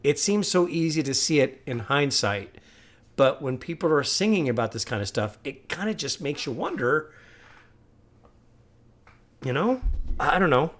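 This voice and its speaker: A man's voice: fairly high pitch, very animated, normal speed, long pauses. Earnest man reacting to a song. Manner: earnest, musing, gets heated and loud at times. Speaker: music reaction host. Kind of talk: casual reaction commentary.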